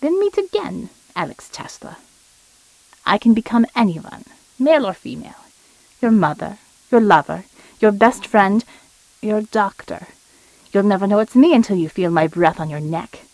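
A woman's voice: mid-range voice, big pitch swings, moderate pace, long pauses, a little mellow, no echo, low-quality recording. A woman voicing a cold, menacing male shapeshifting villain with a clipped German accent, read in a dry, close recording. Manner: icy, threatening.

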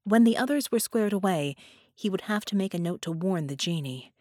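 A woman reading a science-fiction story aloud as narrator, in a steady storytelling manner. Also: medium pitch, a little fast, no room sound, clean studio sound. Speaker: audiobook narrator. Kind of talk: scripted narration.

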